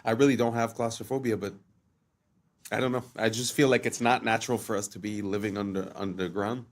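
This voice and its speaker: A man hosts a casual reaction video in a low voice. He muses hesitantly, restarts his sentences and asks his viewers questions as he thinks aloud. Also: fairly even intonation, brisk. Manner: musing, hesitant, full of restarts and asides to viewers.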